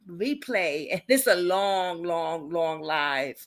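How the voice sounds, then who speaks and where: A woman's voice: on the low side, takes it slowly, fairly bright tone. A woman hosting a casual live stream, talking in an informal, slangy way and reading and answering viewer comments as she goes. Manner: talkative, reads and answers viewer comments aloud. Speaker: livestream host covering a criminal case.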